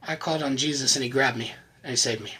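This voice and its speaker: A man giving an earnest, emotional personal faith testimony to the camera, often halting and repeating words. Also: medium pitch, pushed and bright, breathy edge, poor audio. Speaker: channel host sharing his recovery testimony.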